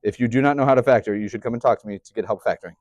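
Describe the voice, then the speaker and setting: A man's voice: medium pitch, rapid-fire, a little mellow, no echo, muffled recording. Guy teaching math to a class, chatty, keeps quizzing the kids, dry close sound. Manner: chatty, asks the class questions. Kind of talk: classroom lecture.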